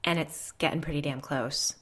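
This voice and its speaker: A woman voicing a blunt middle-aged female psychic who speaks gravely and firmly. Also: low voice, fairly even intonation, moderate pace, fairly bright tone, exaggerated voice. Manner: blunt, commanding.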